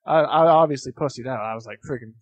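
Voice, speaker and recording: A man's voice: medium pitch, fast talker, no room sound, lo-fi sound. A young man in his late teens, a guest in a casual interview, telling rambling stories and laughing often between phrases. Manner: many fillers and restarts. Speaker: interview guest, competitive gamer.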